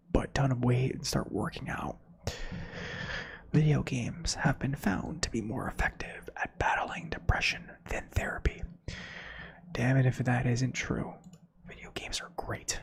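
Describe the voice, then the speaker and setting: A man hosting a soft-spoken ASMR reading of facts, softly whispering with chatty asides. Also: mid-range voice, gravelly. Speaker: ASMR host.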